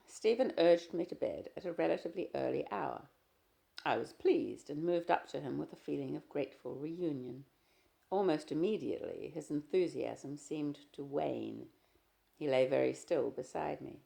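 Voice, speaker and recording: A woman narrating a novel in the first person, measured and expressive. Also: rumbling low, gravelly. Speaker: audiobook reader. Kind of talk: literary audiobook narration.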